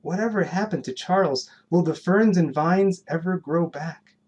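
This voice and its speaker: A man giving a live poetry reading in a slow, measured recitation with dramatic pauses. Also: high voice, a little mellow, dull audio. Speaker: poet. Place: live poetry marathon event.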